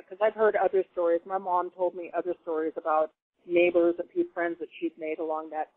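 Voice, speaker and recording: A woman from the Pacific Northwest, telling stories in casual chat as a caller, animated and laughing often. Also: fairly low pitch. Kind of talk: casual storytelling. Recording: tinny phone line, dry.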